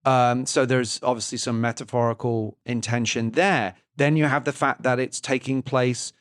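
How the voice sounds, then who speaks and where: Podcast co-host, male, mid pitch, analytical and halting, dry close mic. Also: steady tone, dry recording. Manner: analytical, halting with many restarts. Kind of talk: casual film discussion.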